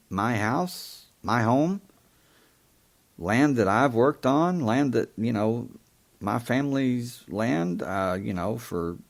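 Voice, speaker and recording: A man with a mid-range voice hosts a live show monologue, speaking haltingly with many ums and restarts in an indignant, emphatic manner.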